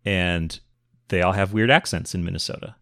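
A man from the US Midwest co-hosting a podcast, chatting casually with dry, deadpan humor. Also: sits low, normal speed, dry recording. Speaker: podcast co-host.

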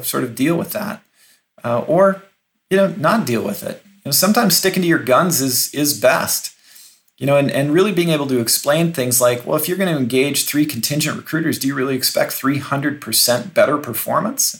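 A middle-aged recruiter, appearing as a podcast guest, answers interview questions conversationally, frequently restarting and repeating words for emphasis. His voice is medium-pitched and a bit bright.

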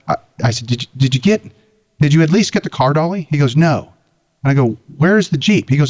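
A man, a guest on a talk show, telling a casual story in an animated, swearing way. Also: on the high side, moderate pace, pauses often, no echo, highs cut off. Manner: animated, profane anecdote-telling. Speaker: guest, Jeep owner.

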